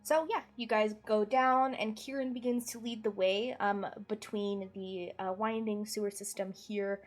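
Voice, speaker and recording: Woman game master, mid-pitched, easygoing scene narration, faint music behind. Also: a little slow. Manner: relaxed, meandering scene description.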